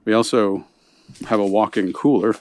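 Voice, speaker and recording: A man's voice: on the low side, moderate pace. A man giving a casual walking tour of a hunting camp outdoors, huffing a little in the heat, recorded on a handheld camera. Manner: relaxed, chatty, points things out as he walks.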